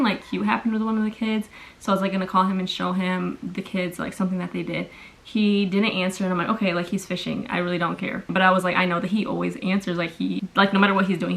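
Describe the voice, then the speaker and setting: A woman's voice: medium pitch, vocal fry, poor audio. A young adult woman vlogger telling a long story in casual chat while doing her makeup at home, with lots of fillers.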